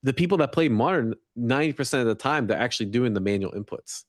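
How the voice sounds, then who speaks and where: A man talking on a podcast with a lively, rising and falling voice. He explains eagerly and keeps reaching for words. The sound is dry and close. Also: medium pitch, fast, no echo. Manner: explains eagerly with many fillers. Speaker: guest fighting game player. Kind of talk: casual podcast chat.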